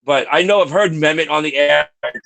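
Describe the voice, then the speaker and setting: A man's voice: on the high side, fairly quick, vocal fry, a bit bright, no echo. A man co-hosting a podcast, telling a long story in a rambling way, repeating words and swearing freely. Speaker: podcast co-host. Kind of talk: casual chat.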